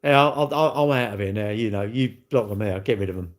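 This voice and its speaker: This man has a voice on the low side and talks fast while hosting a livestream. In casual chat with his live viewers he rambles, repeats himself, and stays blunt and chatty.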